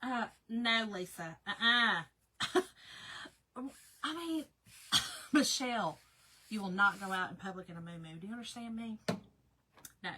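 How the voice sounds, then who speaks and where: A woman's voice: mid-range voice, expressive, a little slow, pauses often, bright, forceful tone, poor audio. A middle-aged woman, chatting casually with viewers while hosting a craft livestream. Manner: chatty, talks to viewers by name. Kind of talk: casual chat.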